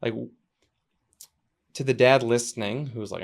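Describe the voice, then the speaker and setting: Gravelly low-voiced man hosting a podcast. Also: normal speed. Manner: supportive, with frequent short affirmations. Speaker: podcast host. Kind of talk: casual conversation.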